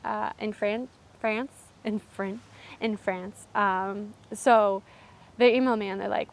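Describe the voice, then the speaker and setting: A woman's voice: mid-range voice, fairly even intonation, slow pace, creaky. A young adult woman and college student telling a story to camera in a chatty, self-deprecating way. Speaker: vlogger, college student of French.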